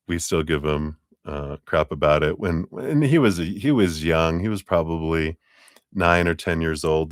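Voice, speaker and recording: A man with a very deep voice takes his time, talking slowly through a live tarot reading. He is chatty and easygoing, chuckling often and clearing his throat. The sound is dry and close. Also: dry recording. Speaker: tarot reader.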